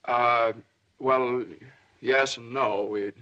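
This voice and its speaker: An actor playing a flustered young newlywed son in a 1930s film, hesitant and stammering. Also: male voice, medium pitch, steady tone, extremely slow, sharp tone. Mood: sheepish. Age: young adult. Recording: dull old film soundtrack.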